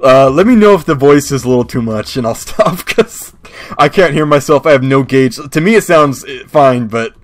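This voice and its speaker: A man's voice: mid-range voice, animated, moderate pace, no echo. A young man casually commenting while streaming a game, rambling with restarts. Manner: rambling, many fillers and restarts. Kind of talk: casual let's-play commentary.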